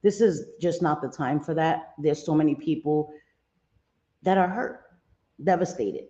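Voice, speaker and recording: A woman hosts a casual livestream, chatting loosely, greeting viewers by reading their chat names aloud, and laughing easily. Her voice is low and a little slow with a warm tone, though the recording sounds muffled.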